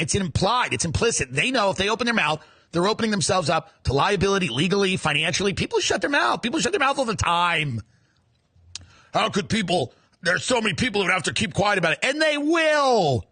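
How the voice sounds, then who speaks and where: Heated, bright-voiced man ranting. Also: high voice, very animated, fast, husky, no echo. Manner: sarcastic, profane, heated rhetorical questions. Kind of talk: comedic rant.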